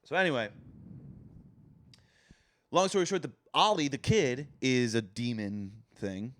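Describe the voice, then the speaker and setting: A man co-hosting a podcast, telling a story in an animated way and swearing freely into a studio mic. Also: medium pitch, a little slow. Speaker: podcast co-host. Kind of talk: casual chat.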